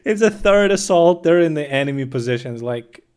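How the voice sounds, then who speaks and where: Blunt, profane streamer man, slightly high voice. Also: animated, moderate pace, smooth. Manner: profane, blunt, bursts of loud laughter. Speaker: streamer reacting to war news. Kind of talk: casual live-stream commentary.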